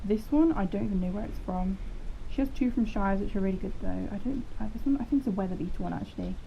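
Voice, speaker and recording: A woman talks over her horse-care footage in a chatty, self-deprecating ramble. Her voice carries a gravelly fry. The recording sounds dull and lo-fi, with a faint hiss underneath. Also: medium pitch, lively intonation, quick pace, dark tone. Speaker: horse vlogger. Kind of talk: casual voice-over narration.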